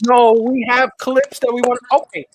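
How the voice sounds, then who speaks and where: A man's voice: very high-pitched, flat delivery, moderate pace, slight background noise. A man with a New York accent hosting a call-in livestream show, teasing his callers in a casual way and often restarting his words.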